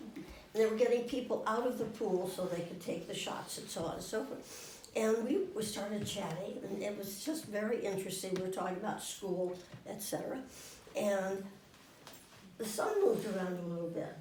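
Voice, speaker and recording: An older woman getting over a cold, telling anecdotes to a small audience in a lively, animated way and acting out the voices. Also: medium pitch, normal speed, slight background noise. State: finishing a cold. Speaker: guest storyteller. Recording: roomy room, mic far off.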